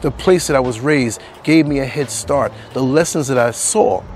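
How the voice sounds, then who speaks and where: A podcast host with a mid-range, darkish voice at normal speed delivers a reflective monologue to camera outdoors on a street. He speaks earnestly and emphatically, repeating phrases for stress; the clip-on mic recording carries a little hiss or hum.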